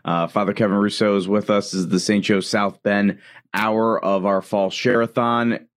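A man hosting a radio fundraiser, making brisk and upbeat appeals for pledges and interviewing guests. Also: fairly low pitch, little pitch movement. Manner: brisk, upbeat appeals, repeats the phone number. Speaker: radio host running a fundraiser.

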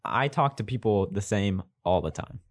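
A young man co-hosting a podcast, chatting casually with quick, teasing asides. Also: lowish voice, animated, no echo, clean studio sound. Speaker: podcast co-host. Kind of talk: casual chat.

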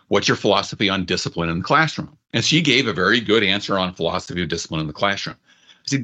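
Male podcast guest, lowish pitch, crisp forceful tone, anecdotal storyteller. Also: muffled recording. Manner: anecdotal, retells dialogue. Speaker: author and guest. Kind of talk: storytelling in conversation.

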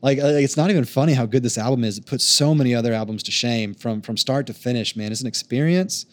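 A man's voice: medium pitch, fast. A man who is a guest on a podcast, chatting casually and rambling, with many repeated words. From Oklahoma. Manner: rambling, repeats words, lots of fillers like "you know" and "man". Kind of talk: casual chat.

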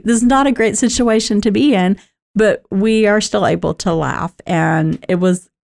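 Chatty woman, lowish voice. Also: creaky, darkish tone. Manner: chatty, rambling, laughs often. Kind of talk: personal storytelling talk.

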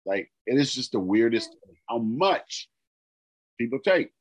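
A middle-aged man co-hosting a podcast, telling a long story in casual chat and getting animated and exasperated as he quotes the people in it. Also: mid-range voice, measured pace. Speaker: podcast co-host. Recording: dull lo-fi podcast audio.

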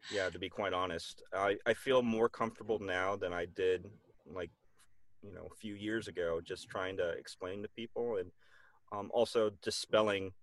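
A man's voice: deep voice, fairly even intonation, moderate pace, no room sound. Thoughtful male interview guest, dry sound. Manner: thoughtful, with frequent fillers and restarts. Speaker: guest, military veteran. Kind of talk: casual conversational interview.

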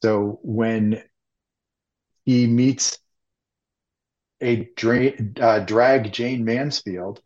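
A man from the US Midwest, an author guest, speaking in a measured, reflective way with small restarts. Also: medium pitch, steady tone, a little mellow. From Ohio, US Midwest. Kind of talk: interview conversation. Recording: dull, slightly lo-fi sound.

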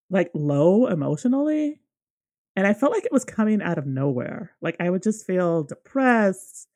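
A young woman co-hosting a podcast, telling a personal story in a casual, animated way with lots of fillers. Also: lowish voice, no room sound, clean studio sound. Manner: animated, many fillers, acts out dialogue. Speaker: podcast co-host.

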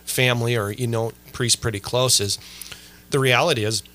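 A man hosting a casual podcast chat, telling animated family stories with lots of fillers and restarts. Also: medium pitch, moderate pace. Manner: animated storyteller, many fillers. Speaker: podcast host.

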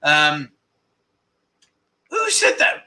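Jokey chat-show host with a high, piercing voice, reading viewer comments aloud. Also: male voice, extremely slow, a little hiss or hum. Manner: jokey and teasing, with animated outbursts.

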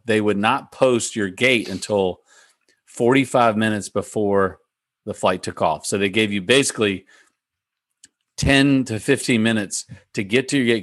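A young man with a Southern drawl rambles through an animated travel story on a casual podcast. His voice sits low and sounds close and dry. He restarts his sentences often as he talks. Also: no room sound. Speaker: professional golfer guest.

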